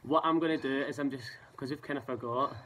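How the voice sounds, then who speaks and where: A man's voice: mid-range voice, steady tone, quick pace, a bit bright, a little hiss or hum. A young man chatting to camera indoors, rambling and giggly, laughing at himself. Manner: giggly, rambling, self-deprecating. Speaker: vlogger. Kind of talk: casual chat to camera.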